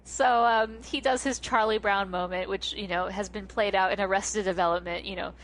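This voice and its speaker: A woman's voice: medium pitch, normal speed. A woman co-hosting a podcast, casually retelling a holiday cartoon with lots of laughs, acting out little bits of the scenes. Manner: animated, giggly storyteller who acts out scenes. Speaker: podcast co-host. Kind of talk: casual chat recapping a film.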